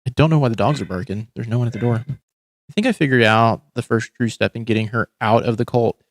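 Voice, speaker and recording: A man's voice: medium pitch, brisk, dry recording. A man hosting a livestream, ranting in casual commentary with heavy swearing and frequent restarts. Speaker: livestream host.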